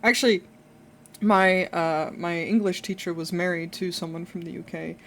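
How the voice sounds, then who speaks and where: A Dutch woman from the Netherlands chats on a live stream at a moderate pace, telling stories. Her voice climbs and gets louder as she gets excited, and she swears now and then.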